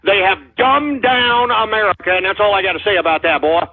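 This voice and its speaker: A man's voice: high-pitched, animated, brisk, husky. A Texan man hosting a call-in radio show, brash and combative with callers. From Texas. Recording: muffled, phone-like radio stream.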